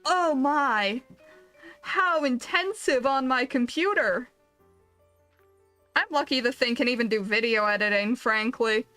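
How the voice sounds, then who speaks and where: A woman's voice: a little high, a little slow, pauses often, bright, forceful tone, faint music behind. A woman streamer chatting casually while gaming, rambling and making self-deprecating jokes.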